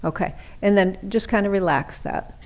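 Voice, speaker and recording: A middle-aged woman leading a seated yoga class, giving gentle, chatty cues and often checking in with "right?". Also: medium pitch, normal speed. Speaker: chair yoga instructor.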